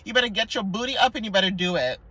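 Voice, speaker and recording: A woman's voice: medium pitch, rapid-fire, fairly bright tone, no echo. A young woman giving a casual spiritual card reading in a chatty, playful, sassy way, laughing often. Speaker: oracle card reader.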